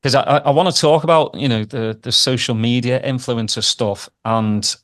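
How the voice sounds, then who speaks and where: A man hosting a casual interview, talking in a relaxed, reflective way with many fillers. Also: mid-range voice, moderate pace. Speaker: podcast host.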